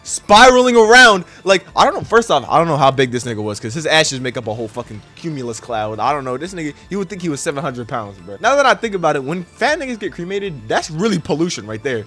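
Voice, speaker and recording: Slangy, animated young man recapping an anime. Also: fairly high pitch, fast talker, hardly any pauses, faint music behind. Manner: slangy, profane, laughing asides.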